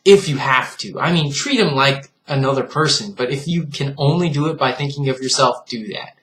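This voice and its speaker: A man talking straight to camera in a casual vlog, earnest and reflective. He lectures his viewers with direct appeals and now and then laughs at what he finds foolish. His voice sits at an ordinary middle pitch for a man. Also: moderate pace, fairly bright tone. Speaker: vlogger.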